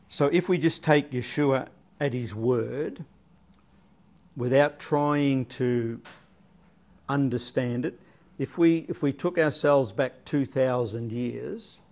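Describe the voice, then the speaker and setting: A man with a mid-range, darkish voice leads a casual Bible study. He thinks aloud, often repeating words while searching for how to phrase things.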